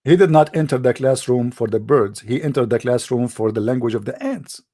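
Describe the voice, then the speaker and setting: An actor playing a boastful, rambling mock preacher with an Arabic accent, in a satirical livestream monologue. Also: male voice, medium pitch, a little fast, warm tone, natural voice. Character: mock-pompous self-styled male preacher, middle-aged.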